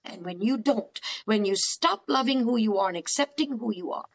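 Emphatic high-voiced woman counsellor. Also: lively intonation, moderate pace. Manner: emphatic, preachy. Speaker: therapist guest. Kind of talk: faith-based counselling talk.

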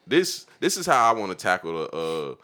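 A man's voice: low voice, very animated, normal speed, pushed and bright. A man hosting a casual podcast, telling stories loosely and profanely with lots of fillers. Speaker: podcast host.

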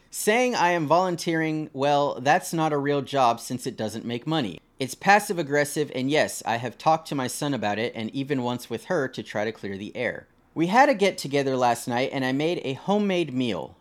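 Lively young man reading posts aloud. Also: medium pitch, normal speed. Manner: animated, swears freely, laughs and jokes about the posts. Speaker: podcast co-host. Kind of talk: casual podcast reading and reacting to online posts.

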